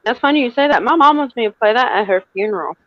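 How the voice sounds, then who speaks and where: A woman calling into a live stream, her voice slightly high and completely dry. She tells stories with a sassy, teasing edge over a muffled remote line. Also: lively intonation, fast talker, no echo. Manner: sassy, joking storyteller. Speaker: call-in guest.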